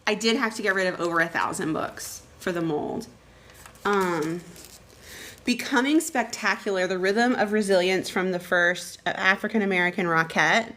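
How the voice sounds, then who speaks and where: A woman librarian chatting casually as she unboxes packages on a live stream, reading notes aloud with excited bursts. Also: medium pitch, normal speed. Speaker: school librarian.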